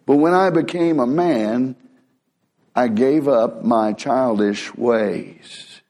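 A preacher man delivering a sermon. He swings from high, pleading quoted voices down to low, hushed warnings, and keeps it conversational and animated. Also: slow pace. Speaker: pastor.

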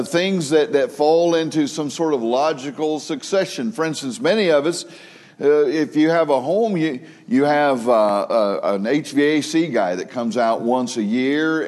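A male pastor preaches a sermon, spinning folksy stories that build into emphatic preaching, and he laughs at his own joke. His voice is fairly high in pitch with a darkish tone.

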